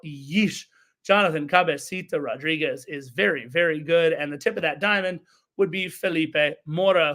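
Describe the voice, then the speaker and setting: A man's voice: fairly high pitch, a bit bright. A man hosting a live soccer podcast, recapping a match with enthusiasm and chatty self-corrections. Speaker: podcast host.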